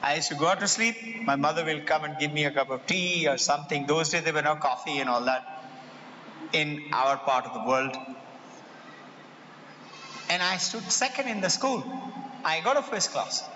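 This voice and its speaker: A high-pitched, bright-voiced man with an Indian English accent, speaking to parents as school president. He tells stories with lively acted-out quotes, and his voice rings through a large echoey hall with faint background ambience. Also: moderate pace, long pauses, highs cut off, a little hiss or hum. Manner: animated storyteller, acts out quoted voices. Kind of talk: motivational talk with personal stories. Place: large hall before an audience.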